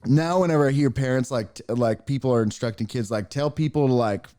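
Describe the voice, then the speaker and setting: A man co-hosting a podcast, telling stories in a rambling, animated way with many fillers. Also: mid-range voice, fairly quick, no room sound, studio quality. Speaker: podcast co-host. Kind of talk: casual chat, storytelling.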